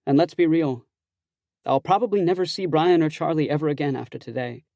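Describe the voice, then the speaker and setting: A man narrates in a wry, chatty first-person voice, pitched a touch above the usual male range. His tone carries a gravelly fry, and the booth sounds dry and tight. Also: brisk, dark tone, dry recording. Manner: wry, self-conscious, conversational. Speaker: audiobook narrator.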